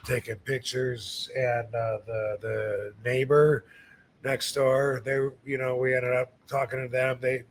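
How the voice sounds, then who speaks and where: A man's voice: mid-range voice, slow pace, a little hiss or hum. Laid-back man telling rambling stories. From USA, Michigan. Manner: relaxed, rambling storytelling with many fillers. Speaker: podcast host, wrestler. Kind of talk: casual chat.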